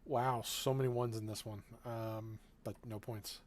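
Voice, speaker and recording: A man acting as game master, narrating a tabletop game in a relaxed way, often chuckling and filling his talk with ums and uhs. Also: lowish voice, unhurried. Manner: relaxed, chuckling, with filler-heavy asides.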